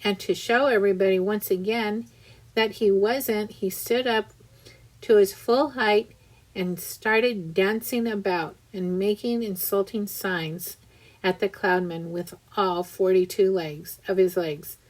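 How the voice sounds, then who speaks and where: A woman narrating a children's storybook aloud, deliberate with small restarts. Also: medium pitch, steady tone, rough recording. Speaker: reader. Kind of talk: audiobook narration.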